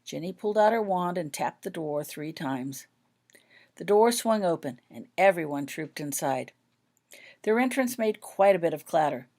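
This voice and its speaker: Woman reading her own fanfic out loud, low voice, storybook feel. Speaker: author reading her own fan fiction. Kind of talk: storybook narration.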